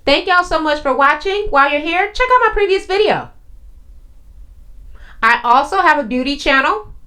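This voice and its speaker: A woman's voice: high voice, lively intonation, moderate pace, pushed and bright. A young woman casually recapping a reality show in a chatty, gossipy way, full of fillers and swearing.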